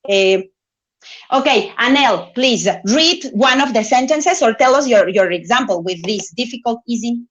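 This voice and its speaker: A woman teaching an English class online, speaking slowly and patiently, coaxing her students and stretching out words. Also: on the high side, animated. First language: Spanish. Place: home room on an online video class. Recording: dull lo-fi video call audio.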